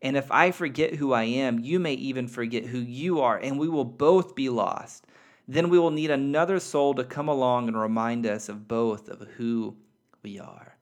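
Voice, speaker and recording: A man's voice: mid-range voice, normal speed, close to an everyday voice. A man reading the part of a loving, playful soul spirit who speaks tenderly and reassuringly.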